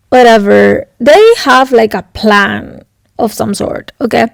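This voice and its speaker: A woman's voice: fairly high pitch, takes it slowly, gravelly, dry recording, studio quality. A young woman chatting casually in a reading vlog, rambling and emotional, swearing often and sometimes dropping to a whisper. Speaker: book vlogger.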